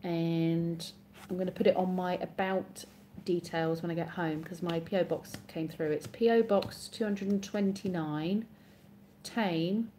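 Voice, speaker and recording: A woman's voice: fairly low pitch, fairly even intonation, unhurried, dark tone, a little hiss or hum. A woman from Oxfordshire with an English accent, chatting casually on a live stream, rambling and correcting herself as she answers viewer comments. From Oxfordshire, England. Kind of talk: casual chat reading viewer comments aloud.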